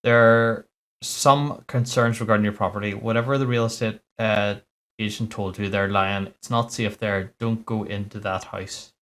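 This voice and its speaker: A man's voice: fairly low pitch, fairly even intonation, normal speed, fairly bright tone. A man reading aloud as an anxious, polite man who speaks formally and apologises often. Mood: urgent. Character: polite anxious middle-aged man, urgent neighbour.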